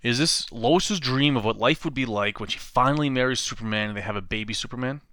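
A man's voice: mid-range voice, fairly quick, slight background noise. A man casually retelling a comic story to a friend, laughing often and acting out the lines. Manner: animated storytelling, laughs often, acts out quotes. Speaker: podcast co-host recapping a comic. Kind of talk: casual chat.

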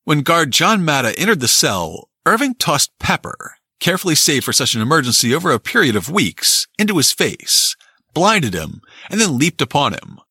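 A man's voice: mid-range voice, husky, dry recording, studio quality. A man narrating a scripted true-crime history and reading old newspaper accounts aloud. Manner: lively storytelling, quotes old newspaper accounts.

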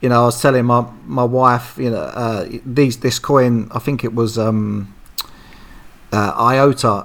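A man from England with a British accent, a podcast guest telling his story in a relaxed, self-deprecating way. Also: mid-range voice, unhurried. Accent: British English. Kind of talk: casual interview chat.

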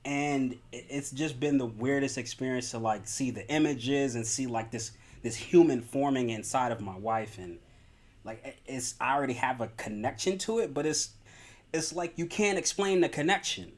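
A young man on a casual podcast, telling a personal story with animated rises in his voice. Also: medium pitch, moderate pace. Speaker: podcast co-host, expectant father.

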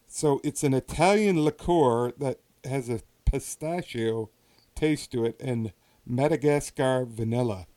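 A man from Wisconsin co-hosting a laid-back podcast, his voice dark and mellow. He talks in halting bursts, full of uhs and ums, and laughs easily. The sound is close and dry. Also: medium pitch, no echo. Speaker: podcast co-host. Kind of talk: casual chat over drinks.

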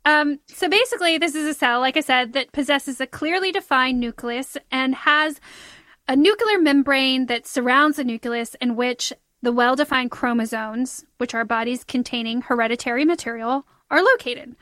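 A woman's voice: sits high, moderate pace, a bit bright, dry recording. A young woman with a light Texan accent, chatting and telling a story on a podcast with lots of "like" fillers and giggles. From Texas. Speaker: podcast co-host. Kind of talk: casual chat.

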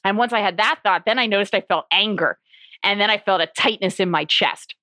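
A woman's voice: medium pitch, brisk, pushed and bright, no echo. A woman speaking as a sexologist guest on an interview podcast, chatty and explaining, often saying "like" and laughing easily.

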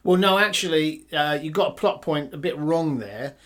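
A man's voice: fairly high pitch, moderate pace, a bit bright. Man explaining a plot at length. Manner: explanatory, lays out plot in detail. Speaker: podcast co-host reviewing films. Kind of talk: casual film-review chat.

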